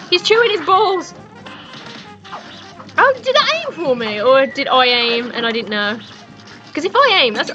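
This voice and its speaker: A young woman commentating a video game as she plays, excitable and swearing, with loud outbursts. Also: sits high, dull audio. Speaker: gaming streamer. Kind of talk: let's play commentary. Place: home room.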